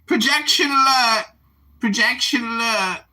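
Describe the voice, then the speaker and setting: An American man in his forties, loud, abrasive and mocking as he trades insults in an audio chat room argument. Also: extremely high pitch, unhurried, rough recording. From United States. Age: 40s. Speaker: political candidate and online personality.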